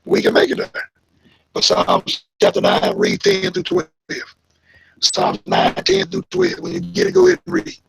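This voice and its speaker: A man's voice: very high voice, fairly even intonation, moderate pace, gravelly, a bit bright, no room sound, poor audio. A man teaching a Bible study lesson, emphatic and preacherly, asking his listeners questions and sounding out of breath.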